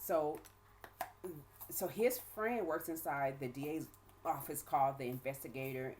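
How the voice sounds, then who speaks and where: A woman's voice: low-pitched, a little slow, a little hiss or hum. A woman telling her own story in a casual vlog, acting out what people said and checking in with "right?" and "okay?". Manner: animated, acts out quoted dialogue with shifting voices; frequent laughs and asides like "right?" and "okay?". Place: at home with her child nearby.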